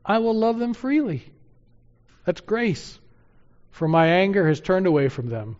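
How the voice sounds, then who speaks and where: A man preaching a sermon, moving from loud urgent exhortation to hushed, earnest pleading. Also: high voice, very animated, unhurried. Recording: dull sound with long hall reverb.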